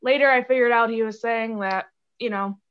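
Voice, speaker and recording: A woman's voice: on the high side, fairly even intonation, moderate pace, smooth, muffled recording. A woman from the Chicago area, chatting casually as a podcast guest, with lots of fillers and giggles. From Chicago area, USA. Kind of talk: casual interview chat.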